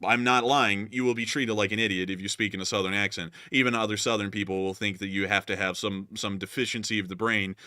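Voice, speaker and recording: A man's voice: lowish voice, steady tone, quick pace, few pauses, bright, forceful tone, dry recording, clean studio sound. A young man from the American South with a light, mostly neutral accent, hosting a live stream in chatty, rambling talk full of fillers. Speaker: host.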